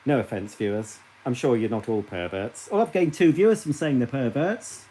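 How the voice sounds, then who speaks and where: A man's voice: medium pitch, animated, normal speed, dark tone, slight background noise. A man hosting his own late-night live stream, chatting and teasing in a casual, gossipy way. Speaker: livestream host.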